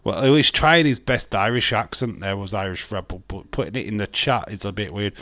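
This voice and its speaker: Low-voiced man chatting loosely on stream. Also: fairly quick, hardly any pauses, sharp tone, no room sound. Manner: laid-back, chatty, joking, laughs often; talks to viewers and chat by name. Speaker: livestream host. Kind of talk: casual live watch-along commentary.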